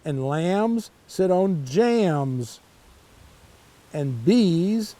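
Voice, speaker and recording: An older man reading a children's picture book aloud, pausing to chat about the pictures. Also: high-pitched, a little hiss or hum. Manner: slow, lively storytelling with asides about the pictures. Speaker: storytime reader.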